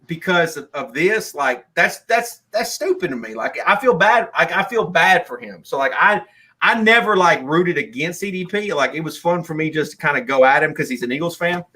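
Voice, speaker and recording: Male streamer host, casual rambling chat, raised pitch, bright tone. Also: expressive, moderate pace. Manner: rambling, with frequent restarts and "like". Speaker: streamer hosting a live call-in.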